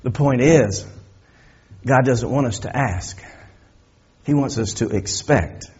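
Husky-voiced man preaching a sermon. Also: mid-range voice, slow pace, a little mellow, dull audio. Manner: preaching with rising emphasis, rhetorical questions. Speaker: pastor.

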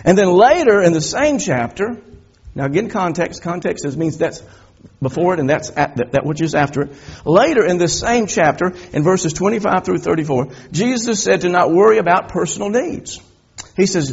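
Middle-aged male pastor, husky, slightly high voice, sermon delivery with rhetorical questions. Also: lively intonation, moderate pace, muffled recording. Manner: preaching with rising emphasis, rhetorical questions.

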